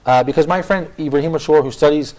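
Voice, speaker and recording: A man hosting a casual panel talk show, chatty and quick, often restarting his sentences. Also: on the high side, darkish tone. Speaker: host.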